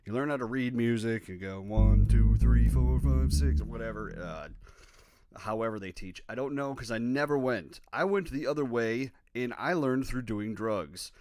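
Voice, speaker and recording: A man's voice: mid-range voice, expressive, normal speed, a little mellow. A man from Minnesota hosting a rambling, profane, self-deprecating solo podcast while playing guitar. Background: his own guitar playing.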